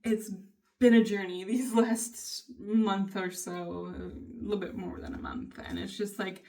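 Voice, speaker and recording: A woman's voice: mid-range voice, fairly even intonation, unhurried, dark tone, distant mic. A woman vlogger talking casually in a diary style, candid and swearing freely as she vents. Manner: candid, frequent swearing, venting with bursts of laughter.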